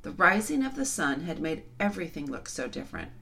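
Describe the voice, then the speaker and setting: A woman reads a children's novel aloud with expressive, dramatic storytelling. Her voice sits low but moves a great deal in pitch, giving the narration life. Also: fairly quick, vocal fry. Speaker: storybook reader.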